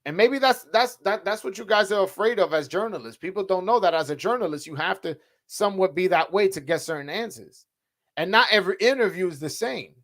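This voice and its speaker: Dude going off on his stream, heated and slangy, kinda high voice, keeps restarting. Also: fairly bright tone. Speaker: boxing journalist and livestream host. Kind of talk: casual livestream rant.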